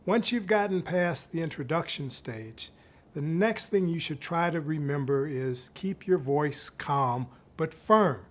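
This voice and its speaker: Middle-aged male professor, slightly high pitch, calm explanatory teaching delivery. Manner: measured, explanatory, slows down to stress key points. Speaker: psychiatry professor. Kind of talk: instructional talk.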